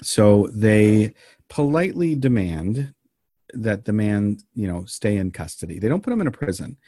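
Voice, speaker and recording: Dry-voiced man joking deadpan. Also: fairly low pitch, moderate pace, no room sound. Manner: deadpan joking, meandering with frequent ums. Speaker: podcast co-host telling the story. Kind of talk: casual banter and storytelling.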